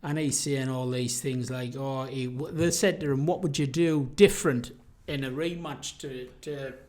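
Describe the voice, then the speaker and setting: A man's voice: medium pitch, steady tone, moderate pace, darkish tone. A man co-hosting a boxing podcast, talking casually and often trailing off and restarting mid-thought. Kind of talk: casual debate.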